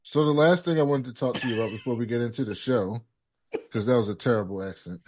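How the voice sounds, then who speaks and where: A man's voice: mid-range voice, fast, a little mellow, slight background noise. A man from the United States co-hosting a casual podcast, giving opinionated, rambling takes with plenty of swearing and fillers. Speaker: podcast co-host, former film critic.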